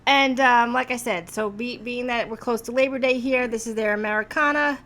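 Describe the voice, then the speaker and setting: A woman's voice: on the high side, steady tone, brisk, fairly bright tone. A woman hosting a podcast, chatting in a rambling, casual way and laughing often. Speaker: podcast host. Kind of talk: casual chat. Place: Hudson Valley, New York.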